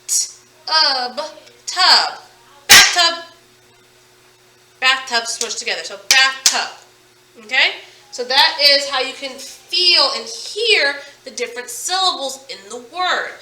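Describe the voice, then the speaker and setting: A woman teaching a phonics lesson to children, sounding out words slowly and with emphasis. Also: high voice, pushed and bright, recorded from a distance. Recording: echoey room, voice from off-mic.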